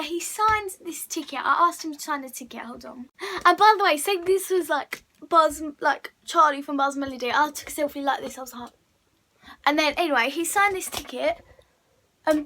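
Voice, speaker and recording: A woman's voice: high-pitched, bright, forceful tone, low-quality recording. A teenage girl telling a gushing, breathless fan story on her vlog. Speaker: vlogger.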